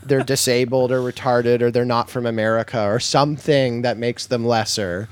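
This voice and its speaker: A man's voice: mid-range voice, fairly even intonation, moderate pace, clear, resonant tone, dry recording. A man co-hosting a podcast in casual chat, blunt and jokey, laughing often. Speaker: podcast co-host.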